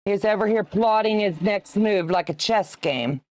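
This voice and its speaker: A woman in her sixties hosts a quilting livestream in a medium-pitched, darkish voice at normal speed, recorded with no echo. While she sews, she chats casually, teases viewers, greets them by name, reads out comments, and laughs often.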